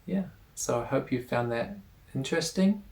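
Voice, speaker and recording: A man teaching pronunciation in a relaxed video lesson, repeating words slowly for the listener to say along. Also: mid-range voice, creaky, rough recording.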